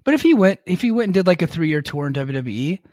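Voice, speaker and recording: A man's voice: sits high, sing-song, fast, a little mellow, dry recording, studio quality. A man co-hosting a podcast, chatting casually about wrestling with a rambling manner and frequent laughs. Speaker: podcast co-host.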